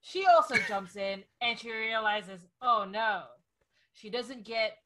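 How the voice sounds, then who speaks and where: A woman's voice: a little high, slow pace, fairly bright tone. A woman playing a tabletop game, talking in a playful, theatrical way over a voice call. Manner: theatrical, melodramatic. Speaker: player. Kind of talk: playful in-character chat.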